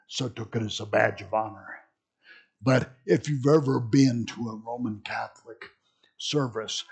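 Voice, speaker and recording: A man giving a relaxed classroom lecture at an unhurried pace. His voice is gravelly with a husky edge, and he talks conversationally, often restarting his sentences. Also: mid-range voice. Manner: conversational, many fillers and restarts. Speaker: church history teacher.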